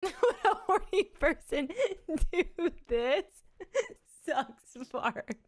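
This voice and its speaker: A woman live streamer chatting casually with crude, excitable, giggly banter. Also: high voice, very slow.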